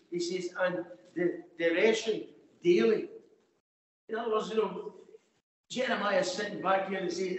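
A man's voice: high-pitched, steady tone, normal speed. A man preaching a sermon in a conversational way, quoting scripture with emphasis. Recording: very echoey hall, faint noise.

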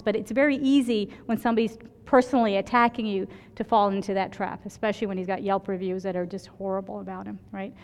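A woman's voice: a little high, long reverb tail. A woman emergency physician giving a conference lecture, telling stories from her work and often checking in with "right?". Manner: chatty, storytelling, keeps asking "right?".

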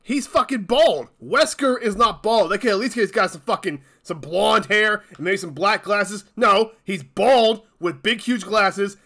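Hosting his own channel, a man with a high, bright voice delivers an angry rant, swearing constantly and hammering each point with exasperated emphasis. He keeps a measured pace and hardly pauses.

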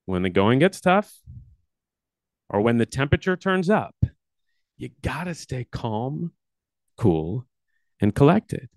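A man voicing his kind, calm middle-aged male schoolteacher inside a story, in a gentle, reassuring tone. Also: mid-range voice, takes it slowly, long pauses, no echo, studio quality.

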